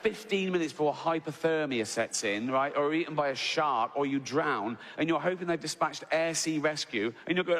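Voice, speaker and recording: On stage in a big theatre, a middle-aged English comedian with a fairly bright voice on the high side delivers his stand-up at normal speed with few pauses. Swearing freely, he chats with the audience, keeps asking "right?" and plays out small exasperated scenes, and the live hall adds long reverb and faint ambience.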